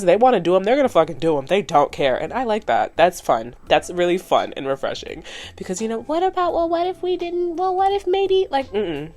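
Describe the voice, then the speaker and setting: A woman in her twenties talks through a cartoon episode as a casual vlog recap. Her voice sits on the low side, and she sounds animated and blunt, swearing freely. She thinks out loud as she goes. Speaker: vlogger reviewing a cartoon.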